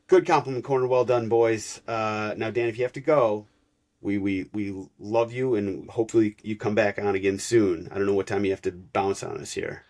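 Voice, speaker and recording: A man's voice: on the low side, fairly even intonation, moderate pace, a little mellow. A man hosting a sports podcast, steering segments in a loose, joking way. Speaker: podcast host. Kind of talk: casual chat.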